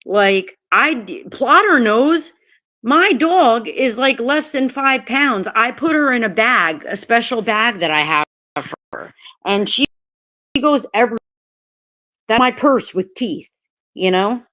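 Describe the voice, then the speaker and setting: A woman's voice: a little high, lively intonation, slow, pushed and bright. A woman live-streaming a heated, profane rant, talking bluntly and breaking off to greet chat viewers by name. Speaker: livestreamer.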